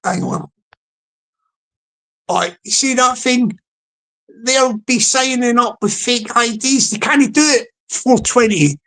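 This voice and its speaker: A woman's voice: fairly high pitch, lively intonation, slow pace, long pauses, fairly bright tone. Rambling woman streaming live. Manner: rambling and repetitive, chuckling, addresses chat viewers. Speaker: livestream host. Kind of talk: casual livestream commentary.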